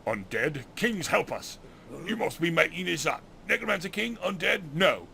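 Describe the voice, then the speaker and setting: This is a weathered dwarf chief, played by a man who talks in a loud, booming voice. The voice is gravelly and forceful. He is quick to alarm. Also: very animated, slight background noise, full character voice.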